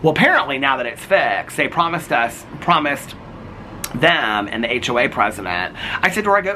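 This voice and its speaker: Man, casual outdoor vlog, animated gossipy storytelling, lively swooping pitch, bright voice, faint background hiss. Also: brisk. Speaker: vlogger. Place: outdoors in a residential neighborhood. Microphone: handheld camera.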